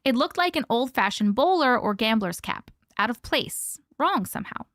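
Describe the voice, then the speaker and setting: A woman hosting a casual live stream, chatting with viewers and reading stories aloud with hushed dramatic pauses. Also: on the high side, expressive, dry recording, studio quality.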